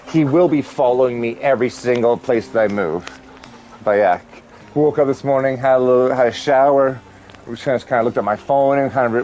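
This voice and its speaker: A man's voice: mid-range voice, a little mellow. A man live streaming from home, chatting loosely and rambling to his viewers. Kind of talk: casual live-stream chat. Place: indoors at home during a thunderstorm.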